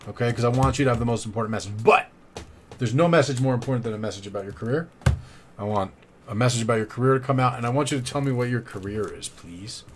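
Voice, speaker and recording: A man's voice: medium pitch, fast, a little hiss or hum. Rambling, chatty male tarot streamer. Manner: chatty, rambling, shouts out viewers. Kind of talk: casual live-stream chat. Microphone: studio condenser mic.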